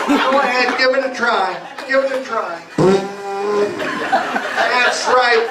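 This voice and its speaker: A man's voice: very high voice, slow, long pauses. A man working as a stage hypnotist, playfully guiding volunteers through suggestions at a live comedy show in a small bar. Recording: echoey bar from far off, music behind.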